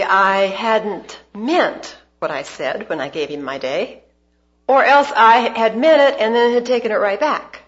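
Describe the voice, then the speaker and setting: Expressive woman giving a devotional talk. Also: on the low side. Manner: expressive storyteller, bursts of emphasis then soft asides. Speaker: speaker at a church gathering. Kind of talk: devotional talk with personal story. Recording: dull lo-fi recording.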